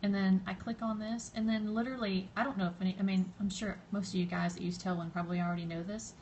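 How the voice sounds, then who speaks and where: A chatty woman with a Southern US drawl walks viewers through a casual live-stream tutorial, her voice sitting at a middling pitch for a woman. She rambles with plenty of fillers and restarts and greets viewers by name as they join. A steady hum of background noise runs under her phone-camera audio. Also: fast, low-quality recording. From Southern United States. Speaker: blogger hosting a live stream.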